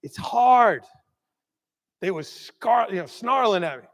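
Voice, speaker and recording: High-voiced man telling a keynote story. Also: slow, vocal fry. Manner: animated, checks in with the crowd with constant "right?". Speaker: keynote speaker, school leader. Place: large conference hall. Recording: long hall reverb.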